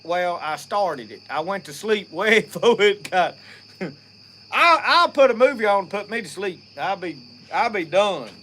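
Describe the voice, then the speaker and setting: A man's voice: high voice, lively intonation, measured pace, pushed and bright, slight background noise. A middle-aged man with a Mississippi accent, hosting an outdoors live stream and chatting with viewers in a rambling, folksy way. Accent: Southern US, Mississippi. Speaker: outdoors channel host. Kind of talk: casual live-stream chat. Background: faint crickets and insects.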